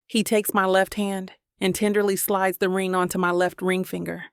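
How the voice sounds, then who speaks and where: A woman's voice: medium pitch, level tone, normal speed, hardly any pauses, clear, resonant tone, dry recording. A woman reading a first-person romance audiobook in an earnest, emotional way, close to the microphone. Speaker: audiobook narrator.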